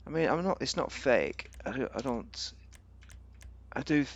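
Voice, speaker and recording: A man's voice: mid-range voice, animated, moderate pace, creaky, breathy edge, highs cut off. A man giving rambling, casual commentary on a game, thinking aloud with fillers and restarts. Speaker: game reviewer.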